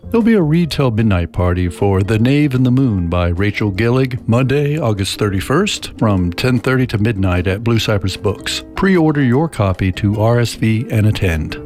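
A man's voice: on the low side, animated, normal speed, few pauses, a little mellow, soft background music. Man reading radio event listings. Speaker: radio announcer.

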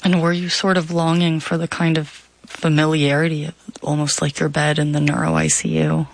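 A woman interviewer with a deep, gravelly voice keeps her tone level and even. She offers short affirmations and asks soft, gentle questions. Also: normal speed.

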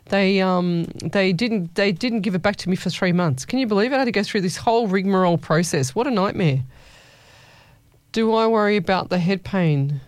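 A woman's voice: mid-range voice, moderate pace, no room sound. A woman hosting a radio show, chatting playfully with listeners and calling them lovey. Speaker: radio host. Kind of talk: casual chat reading listener messages.

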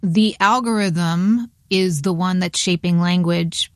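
A woman's voice: lowish voice, takes it slowly, no room sound, studio quality. A woman hosting a radio interview, asking probing follow-up questions in a conversational way.

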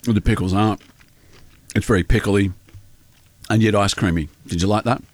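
A man's voice: lowish voice, steady tone, moderate pace, no room sound. A man, a radio co-host trading dry, reluctant banter in a studio. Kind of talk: casual on-air banter.

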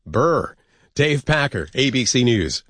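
A man anchoring a radio newscast with a brisk, even news read. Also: mid-range voice, dry recording, clean studio sound.

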